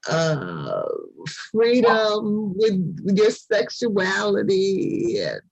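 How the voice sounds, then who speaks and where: Older lady co-host on a video call, slow and hesitant, lots of um and uh, dry sound. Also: mid-range voice, huge pitch swings, creaky, no room sound, dull audio. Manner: hesitant, many fillers. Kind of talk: casual chat.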